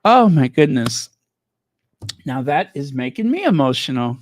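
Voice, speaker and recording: A woman host chatting through a royal news livestream, unhurried and meandering, stopping often with fillers and false starts. She gushes sentimentally over what she reads out. The sound is close and dry, with no room around it. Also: deep voice, very animated, dry recording. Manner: chatty, rambling, full of fillers and restarts; gushing, sentimental reactions. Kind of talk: casual livestream commentary.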